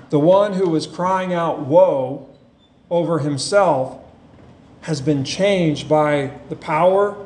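A man preaching a sermon, earnest and unhurried, reading scripture with feeling. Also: fairly high pitch, darkish tone, slight background noise. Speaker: pastor. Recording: echoey room with faint ambience.

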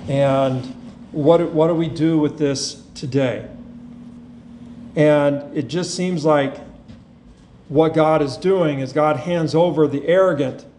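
A man preaching a sermon, earnest and unhurried, reading scripture with feeling. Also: on the high side, darkish tone, a little hiss or hum. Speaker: pastor. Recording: echoey room with faint ambience.

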